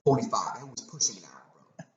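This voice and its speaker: A man's voice: medium pitch, fast, a crowd in the background. A man hosting a podcast, animatedly retelling a story in casual chat, swearing and repeating himself. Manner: animated, profane, repetitive retelling. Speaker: podcast host. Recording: echoey room with faint noise.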